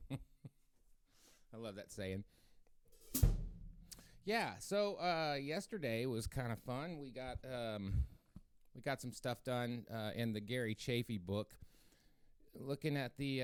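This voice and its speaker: A man's voice: mid-range voice, lively intonation, takes it slowly, long pauses, smooth, no echo, studio quality. A man casually rambling to viewers as he hosts his own drum practice stream, with many fillers and restarts. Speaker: drummer hosting a practice stream.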